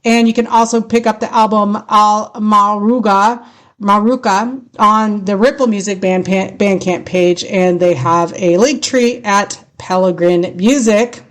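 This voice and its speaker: A woman's voice: medium pitch, fairly even intonation, measured pace. A woman with a California accent hosting a rock radio show, chatty and self-deprecating, laughing often and tripping over her words. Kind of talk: casual rambling show hosting.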